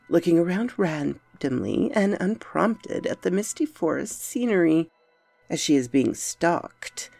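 A woman's voice: on the low side, vocal fry, a little mellow, no echo. A woman narrating a horror story in a dramatic, brooding first-person style.

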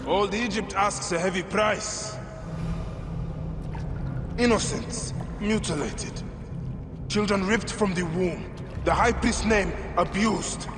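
A man's voice: high voice, slow, long pauses, music in the background. An actor voicing a grim, resolute male warrior who speaks in short, stern lines. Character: grim male warrior hunting a cursed priest. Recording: roomy game audio under a loud score.

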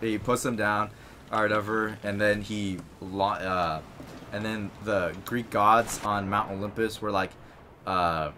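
A man's voice: lowish voice, fairly even intonation, a little slow, sharp tone, slight background noise. A man rambling through an improvised story with lots of fillers while playing a game with friends. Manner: rambling with many fillers, laughing at himself. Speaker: gamer telling an improvised story.

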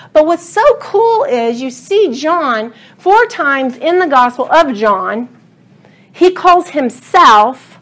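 High, slow-paced woman teaching Bible study. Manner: earnest, animated, rising to emphatic passion.

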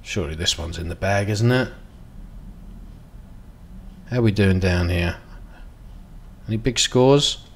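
A man giving casual, excitable commentary while playing a football management game, dropping to mutters and jumping to loud outbursts. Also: low voice, takes it slowly, pauses often. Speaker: gaming video host.

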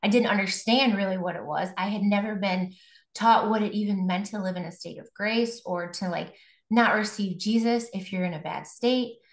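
A woman's voice: medium pitch, steady tone, moderate pace. Woman telling her testimony, roomy sound. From Buffalo, New York. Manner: conversational, many fillers and restarts. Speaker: guest. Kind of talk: personal faith testimony. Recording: roomy echo.

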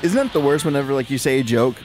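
A man in his twenties commentating a fighting game with a friend, excitable, laughing and swearing as he trash-talks. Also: mid-range voice, very fast, soft background music. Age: 20s. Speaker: gaming commentator. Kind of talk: casual let's-play banter.

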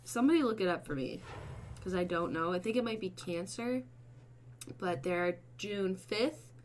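A woman hosting a casual livestream, chatting with her viewers, swearing and breaking into bursts of excited shouting. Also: medium pitch, moderate pace, a little hiss or hum. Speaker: livestream host.

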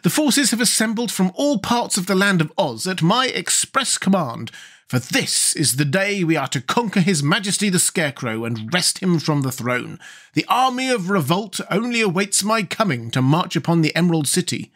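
A man reading an audiobook, voicing a brisk and proud young woman who leads a rebel army, with a sharp, commanding manner. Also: high voice, very animated, voice pushed up, exaggerated voice.

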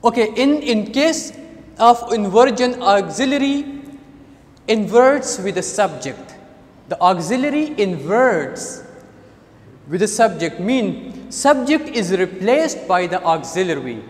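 Slow, lively-pitched male teacher. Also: in a large hall. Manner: slow and deliberate, repeating key phrases and checking with "Understand?". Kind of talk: grammar lesson.

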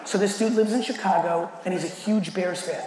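A man giving a keynote talk, telling a story in an animated, profane way and acting out the quoted dialogue. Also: high-pitched, a little fast. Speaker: keynote speaker. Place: large event hall. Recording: echoey hall with faint noise.

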